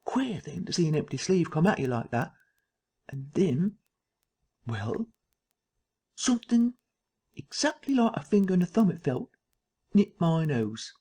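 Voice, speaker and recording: A man voicing a jittery middle-aged man who recounts a fright, breathless and rising into shrill excitement. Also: unhurried, long pauses, husky, heavily acted. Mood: frightened.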